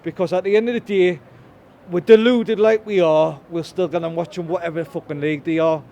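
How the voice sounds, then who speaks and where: A man's voice: fairly high pitch, steady tone, brisk, creaky, dark tone. A man from Sunderland with a Sunderland accent, giving an angry, swear-filled street interview as a football fan and repeating himself often. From Sunderland, England. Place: outdoors in a town centre.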